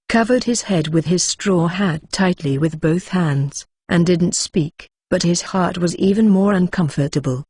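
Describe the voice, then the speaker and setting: A synthetic woman's voice narrating a novel in an even, mechanical way. It sits low and a bit husky, and the recording is dry and close with no room sound. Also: no echo.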